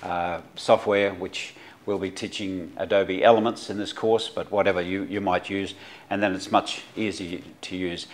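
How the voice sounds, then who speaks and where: A man's voice: deep voice, slight background noise. A middle-aged Australian man, a journalism lecturer, giving an unscripted tutorial with many fillers and restarts. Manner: halting, many fillers and restarts, practical instructions.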